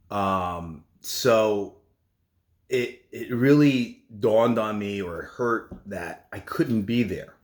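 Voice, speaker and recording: A middle-aged man, a nurse, talking in a casual vlog from his home kitchen, rambling and halting with many restarts. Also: lowish voice.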